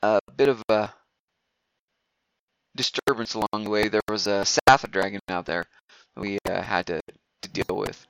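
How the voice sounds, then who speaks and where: A man's voice: on the low side, steady tone, normal speed, vocal fry, long pauses, a bit bright, clear, resonant tone, no room sound, poor audio. A man voicing a friendly, practical male convoy leader who talks in an easygoing, matter-of-fact way.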